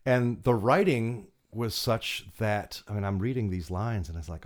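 A man, an actor guest, talking in a casual podcast interview, with halting speech full of restarts and quick laughs. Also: fairly low pitch.

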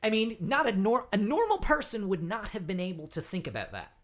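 A man's voice: high-pitched, very animated, brisk, fairly bright tone. Playful joking male podcast host. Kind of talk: casual comedy podcast chat.

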